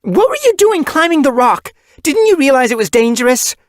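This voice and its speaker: A man voicing an anxious female medicine cat in an audiobook, urgent and sharp when she scolds. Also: medium pitch, lively intonation, moderate pace, gravelly, dry recording, studio quality, voice pushed up. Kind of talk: audiobook character voice.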